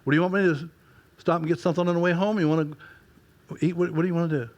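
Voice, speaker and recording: An older man voicing his cheerful, attentive wife with a bright, lilting, chatty manner. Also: on the high side, fairly even intonation, very fast, pitched above the performer's own voice, close to an everyday voice.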